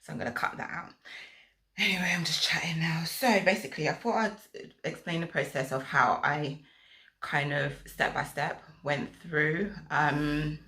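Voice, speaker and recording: A woman's voice: deep voice, fairly bright tone. A young woman from South London with a South London accent, chatting casually to her vlog audience, rambling and joking at herself with plenty of fillers. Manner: chatty, rambling, self-mocking, lots of fillers. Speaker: vlogger.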